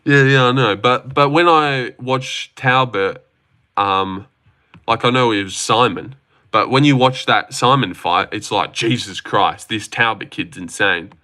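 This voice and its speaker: A man's voice: mid-range voice, measured pace, bright, forceful tone. A man hosting a casual livestream, rambling and swearing freely while reading out and answering chat messages. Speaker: livestream host reacting to fights.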